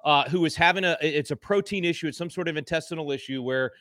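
A man's voice: on the high side, fast, a bit bright, no echo. Fervent, angry middle-aged man, dry sound. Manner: angry, fervent, with frequent restarts. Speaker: guest. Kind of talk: impassioned talk show commentary.

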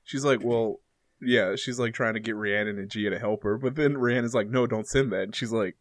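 A woman's voice: very deep voice, brisk. A woman co-hosting a casual chat, chiming in with quoted lines and laughing a lot. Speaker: podcast co-host.

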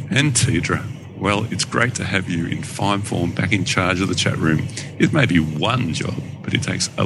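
A man co-hosting a gaming podcast, reading a listener email aloud in a chatty, animated way and laughing often, on a noisy call recording. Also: deep voice, creaky. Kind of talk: casual chat.

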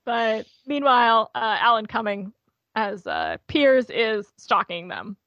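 Chatty woman with a fairly high voice, co-hosting a casual podcast discussion. She peppers her sentences with "like", and her voice sounds close and dry, with no room echo. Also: big pitch swings, slow, a bit bright, highs cut off. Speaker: podcast co-host.

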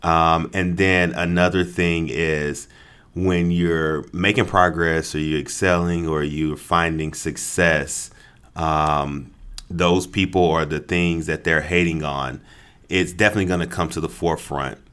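A man co-hosting a casual podcast chat, laid-back and quick to laugh, affirming his partner often. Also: clear, resonant tone. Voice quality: very deep, relaxed voice. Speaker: podcast co-host.

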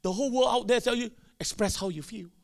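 A male pastor, preaching a sermon emphatically with sudden shouted bursts and call-and-response to the congregation. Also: very high voice, fast, vocal fry.

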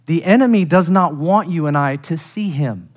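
A middle-aged man preaching a sermon, earnest and direct with the congregation, building to emphatic peaks and dropping quiet again. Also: fairly high pitch, normal speed. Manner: direct address to congregation, self-deprecating humor. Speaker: pastor.

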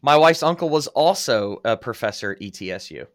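A man's voice: mid-range voice, lively intonation, a little fast. A man hosting a podcast, casual and self-deprecating as he opens the episode and chats. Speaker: podcast host. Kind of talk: conversational interview.

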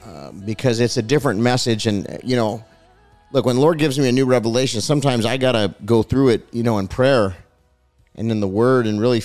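A man's voice: fairly low pitch, a little mellow. A man hosting a Christian broadcast, preaching his commentary with passion and a repetitive cadence. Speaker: host of a Christian commentary show.

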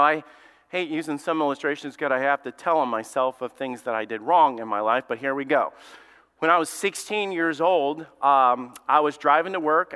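A man's voice: fairly high pitch, bright, forceful tone, clear, resonant tone, long reverb tail. A male pastor from Alabama with a Southern accent, preaching a conversational sermon and telling stories with lots of fillers and restarts. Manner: casual storytelling with many fillers and restarts. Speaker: lead pastor.

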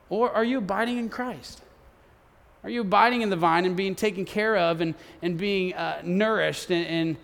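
A man's voice: high-pitched, vocal fry, big-room sound. A man preaching a sermon as pastor, earnest and often repeating words as he builds his points.

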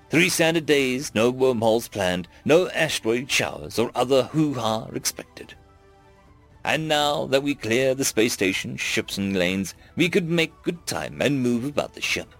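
Lively, wry male storybook narrator. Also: mid-range voice. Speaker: audiobook narrator. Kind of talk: first-person storybook narration.

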